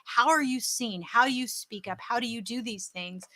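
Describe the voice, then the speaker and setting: An effusive woman hosting an online interview, her voice bright and ringing. She pitches a little high and tells her stories with eager energy. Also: normal speed. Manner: upbeat, effusive, storytelling. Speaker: host. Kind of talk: virtual interview chat.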